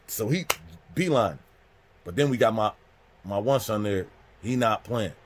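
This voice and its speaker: A man's voice: on the low side, expressive, a little slow, long pauses. A man casually telling a story from prison, acting out the other people in it. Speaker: storyteller host.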